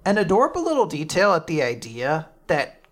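A podcast co-host in casual chat, retelling a manga chapter in an animated way, full of fillers and the odd swear. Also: mid-range voice, a little fast.

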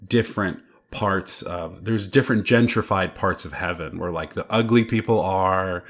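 A man's voice: low voice, normal speed, fairly bright tone. A man co-hosting a podcast, chatting casually in a rambling, enthusiastic way with lots of fillers. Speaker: podcast co-host. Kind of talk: casual chat.

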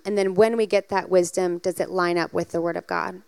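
A woman preaching a sermon, telling a personal story in a lively, animated way and building to emphatic exhortation. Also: on the low side, normal speed, creaky, clear, resonant tone, dry recording.

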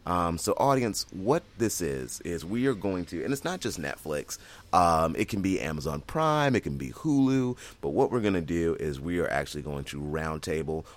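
A man's voice: sits low, animated, moderate pace. A man co-hosting a podcast in casual chat, talking enthusiastically with lots of fillers and restarts. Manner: rambling, many fillers and restarts. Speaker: podcast co-host.

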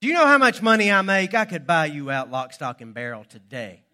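A man's voice: medium pitch, expressive, moderate pace, sharp tone, voice pushed down. A man playing an arrogant adult who boasts about their status. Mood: boastful. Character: arrogant boastful adult throwing weight around.

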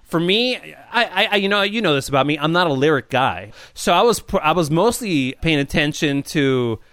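A man co-hosting a casual podcast chat, animated, quick to laugh and repeating words as he talks. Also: a little high, no echo. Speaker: podcast co-host.

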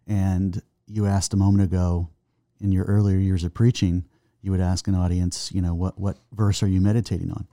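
A middle-aged man giving an earnest faith testimony in conversation, halting and restarting, reciting verses slowly. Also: low-pitched, little pitch movement, dark tone, dry recording, studio quality. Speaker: guest, son of the host.

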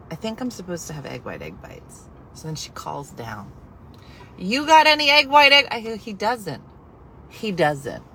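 A woman's voice: on the low side, poor audio. Lady ranting on a live stream, voice swooping all over, faint car hum behind, exasperated. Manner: exasperated, animated, jumps between whispered asides and loud outbursts. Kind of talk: casual storytelling rant.

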